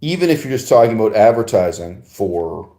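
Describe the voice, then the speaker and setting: A man with a low, mellow voice delivers a rambling philosophical monologue as a podcast host, answering a listener's email. He punctuates his points with laughs and a rhetorical "right?", and his voice rings in an echoey room. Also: big pitch swings, fairly quick. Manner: digressive and emphatic, with frequent laughs and rhetorical "right?".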